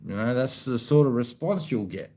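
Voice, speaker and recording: A man's voice: mid-range voice, expressive, normal speed, a little mellow, rough recording. A man with an Australian accent chatting casually to camera in a laid-back way, swearing freely and saying "you know what I mean" a lot. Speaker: vlogger.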